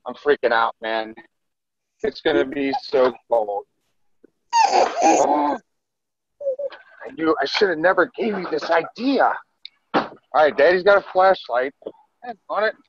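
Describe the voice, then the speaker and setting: A man's voice: a little high, big pitch swings, slow pace, long pauses, husky, no echo, dull audio. A father chatting playfully with his daughter on a phone video, grumbling dramatically. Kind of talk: casual family vlog chat. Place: family home, stepping outside into snow at night. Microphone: handheld phone camera.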